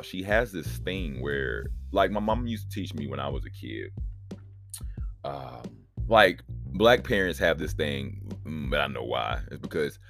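A man hosting his own podcast, talking in a rambling, profane, animated solo monologue. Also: a bass voice. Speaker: podcast host.

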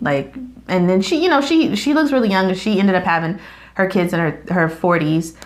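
A woman in her thirties chatting casually about faith, acting out quotes with big jumps in her voice and frequent laughs. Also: normal speed. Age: 30s. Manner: animated storyteller, acts out quotes with big pitch jumps and laughs.

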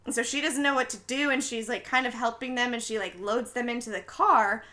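A young woman on a podcast, chatting casually and retelling a film's plot, acting out the characters' lines with big jumps in her voice. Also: a little fast. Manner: acts out characters' lines with lively pitch jumps. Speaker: podcast host recapping a film. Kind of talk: casual chat, animated retelling.

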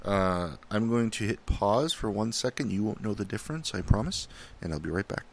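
A man from Minnesota with a very deep voice, co-hosting a loose, casual podcast. He rambles and swears freely, laughs often and fills his sentences with "uh" and "um". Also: a little fast, gravelly. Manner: rambling and profane, laughs often, frequent fillers. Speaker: podcast co-host. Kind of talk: casual chat.

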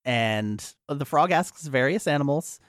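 A man's voice: a little high, animated, a little slow, no echo, studio quality. Casual man recapping a movie. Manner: recounts scenes with fillers and restarts. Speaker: podcast co-host.

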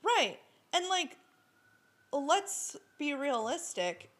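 Brief: higher bright woman, animated casual gossip chat, lots of acted quotes. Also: very slow. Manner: animated, swearing, acts out quotes. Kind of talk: casual gossip chat about a reality show.

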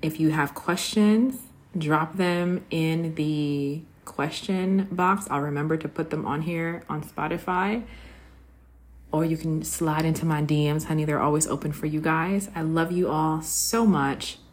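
A woman's voice: low-pitched, a little slow. A woman hosting a casual solo podcast, tired after working late, chatting with listeners and calling them "honey". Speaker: podcast host.

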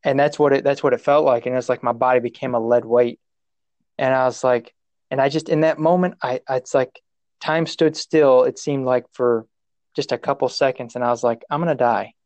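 A man's voice: mid-range voice, fairly even intonation, fairly quick, a little mellow, dry recording. A man telling a personal story in casual conversation, rambling and self-mocking, restarting his sentences and laughing at himself.

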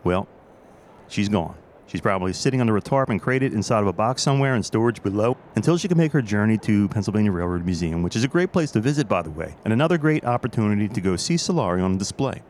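A chatty, nostalgic man with a fairly low voice hosts a podcast, recording an on-location audio diary. He talks from inside a train station concourse, slipping joking asides into his reflections. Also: lively intonation, fast, a little mellow, a little hiss or hum. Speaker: podcast host.

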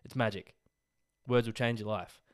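Young Aussie host, low-pitched, loose and rambling with lots of fillers, a bit croaky from illness. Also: male voice, fairly even intonation, normal speed. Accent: Australian. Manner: rambling, sweary, filler-heavy. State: getting over illness, coughing. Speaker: podcast host. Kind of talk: casual solo podcast talk.

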